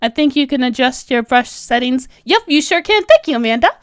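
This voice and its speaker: With a high, smooth, animated voice running a little fast, the thirty-something comic artist chats through her casual livestream tutorial. She giggles, rambles, and pokes fun at herself while going over comments from viewers.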